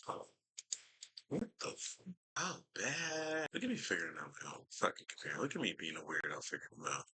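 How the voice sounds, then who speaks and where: A man's voice: a bass voice, wildly swooping pitch, very fast, sharp tone, husky. A man ranting through a reaction commentary, exasperated and swearing heavily as he picks apart what he reads. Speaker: reaction streamer.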